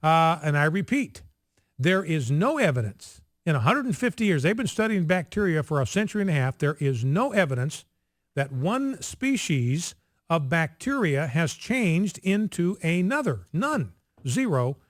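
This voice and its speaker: A man hosts a talk radio show, driving his points home by repeating them. His voice sits fairly high for a man. The studio sound is dry and close. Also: sing-song, moderate pace, no room sound. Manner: emphatic, repeats points for effect.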